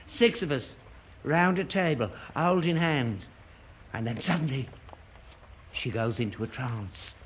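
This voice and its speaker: A man's voice: mid-range voice, lively intonation, measured pace, pauses often, slight background noise, close to an everyday voice. An actor playing an earnest old father. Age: older. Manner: earnest, credulous, indignant. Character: gullible elderly father keen on seances. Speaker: father in a sitcom. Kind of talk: broadcast sitcom acting.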